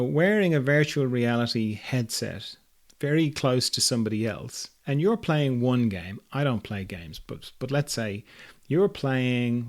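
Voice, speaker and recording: A man talks through a reflective spiritual monologue in a gentle, playful way, chuckling now and then. His pitch sits in an ordinary middle range for a man. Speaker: host.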